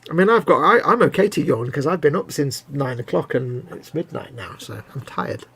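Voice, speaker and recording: A man's voice: on the high side, animated, fairly quick, creaky, a bit bright, husky. A man co-hosting a casual live stream from a home workshop, joking and teasing his partner. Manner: jokey, teasing, chatty. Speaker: co-host.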